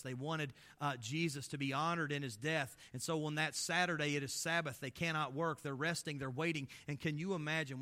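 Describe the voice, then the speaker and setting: A man preaching a sermon as pastor, impassioned, asking many rhetorical questions and swinging between loud emphasis and hushed low passages. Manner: impassioned, full of rhetorical questions, swelling and dropping in loudness.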